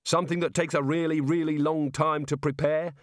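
A man's voice: fairly high pitch, flat delivery, fairly quick, dry recording, clean studio sound, voice pushed up, lightly acted. A man voicing a nervous, gloomy wizard facing the gallows, sardonic and tense. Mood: bitter. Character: anxious, gloomy male wizard prisoner. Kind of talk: audiobook character voice.

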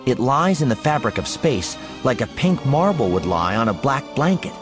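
A man narrating a story chapter in an expressive, playful way. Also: mid-range voice, normal speed. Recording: background music under the voice.

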